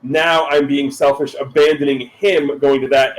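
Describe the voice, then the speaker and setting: A man's voice: medium pitch, fairly even intonation, normal speed, hardly any pauses, low-quality recording. Casual man explaining his moves. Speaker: player. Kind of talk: casual tabletop play.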